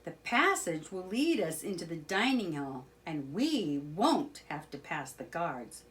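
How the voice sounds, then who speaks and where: A woman's voice: fairly low pitch, sing-song, unhurried, a bit bright. A woman voicing a wise, commanding old male badger in a children's storybook. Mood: stern.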